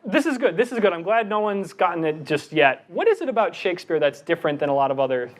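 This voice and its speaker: A man's voice: high-pitched, sing-song, fast talker. A man giving an interactive workshop talk to students, upbeat and quizzing his audience. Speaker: presenter coaching students. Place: classroom.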